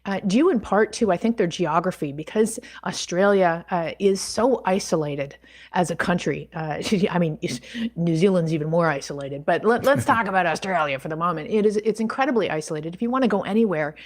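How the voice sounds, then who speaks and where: Canadian lady on a podcast telling a story, animated, does all the little quotes, lots of restarts. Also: fairly low pitch, fairly quick. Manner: animated, acts out quoted dialogue, frequent restarts. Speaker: podcast guest. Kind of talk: casual storytelling.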